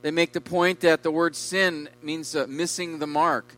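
A man preaching a sermon with emphasis, his voice swelling loud on key words and dropping low. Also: flat delivery, measured pace, poor audio. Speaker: pastor.

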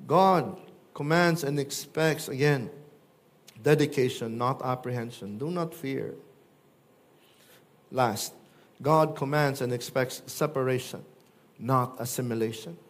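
A man, preaching a sermon and acting out quoted voices with lively swings. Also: slow, long pauses. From Philippines. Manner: animated, acts out quoted voices with big pitch jumps. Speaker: pastor.

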